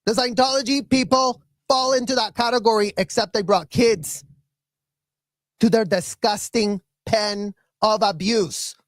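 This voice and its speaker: High-voiced man ranting angrily. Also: steady tone, unhurried, dry recording, clean studio sound. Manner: heated, profane, repetitive ranting. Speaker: commentator and former child member of the group. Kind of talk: angry commentary rant.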